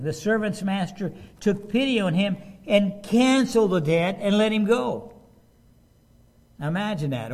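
A pastor gives a sermon in a high voice with a gravelly edge. He reads scripture, then presses his listeners with emphatic rhetorical questions. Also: darkish tone.

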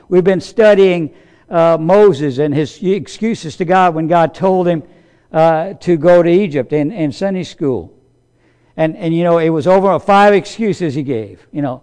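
Male pastor, sermon, slightly high voice, slow deliberate pace, emphatic repetition. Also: smooth. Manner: emphatic, repeats key phrases, swells louder on points.

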